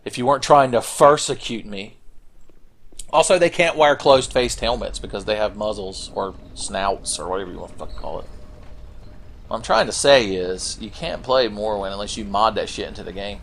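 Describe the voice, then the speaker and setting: A man's voice: fairly low pitch, moderate pace, a bit bright, a little hiss or hum. A young man giving casual, profane, rambling commentary while playing a video game. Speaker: gaming commentator. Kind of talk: casual let's-play commentary.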